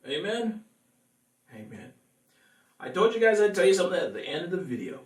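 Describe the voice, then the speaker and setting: A man's voice: high voice, very animated, racing. A man, a singer-songwriter, chatting casually with viewers between songs, rambling and laughing often. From California. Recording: echoey room, mic at a distance.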